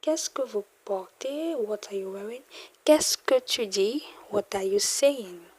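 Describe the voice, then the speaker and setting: A young woman teaching beginner French online, slowly repeating example phrases and explaining with casual fillers. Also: mid-range voice, lively intonation, a little mellow, husky. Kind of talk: casual online language lesson.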